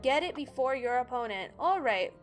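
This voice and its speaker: A woman's voice: sits high, expressive, moderate pace, soft background music. A woman hosting a let's play, chatting casually as she explains the controls and reads the tutorial text aloud. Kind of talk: casual gameplay commentary.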